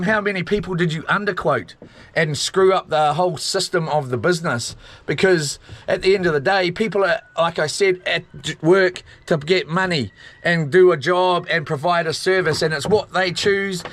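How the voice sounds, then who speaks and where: Blunt, rambling New Zealand man, fairly high voice, casual livestream rant outdoors. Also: a bit bright, slight background noise. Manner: blunt, rambling, keeps saying "mate".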